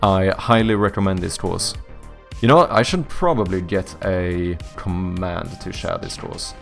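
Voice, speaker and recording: On his live stream, this Swede talks casually with viewers and reads their messages out, his Swedish accent and British-tinged English running through rambling, self-correcting jokes. He speaks in a deep, creaky voice at a measured pace over soft background music.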